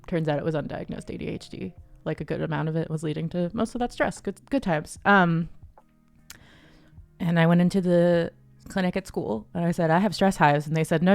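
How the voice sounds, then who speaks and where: A woman hosting a casual livestream, chatty and giggly, breaking into high excited squeals. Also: clear, resonant tone, no echo. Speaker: livestream host. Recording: dry close sound, faint music behind.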